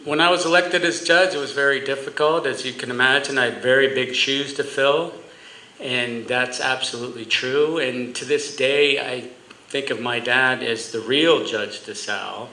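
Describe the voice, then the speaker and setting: A man, a judge, giving a humorous roast speech for his father, telling stories with comic timing and deadpan asides. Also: medium pitch, moderate pace, roomy sound, rough recording.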